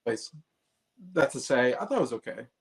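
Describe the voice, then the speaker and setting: A man's voice: medium pitch, big pitch swings, fast. A man co-hosting an album review, chatting casually in a rambling, hesitant way with many restarts. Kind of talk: casual chat.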